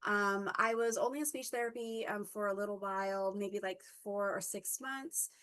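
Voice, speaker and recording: Woman, forties, reflective personal talk, mid-pitched, halting with fillers and self-corrections. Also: fairly even intonation, fairly bright tone. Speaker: guest speaker.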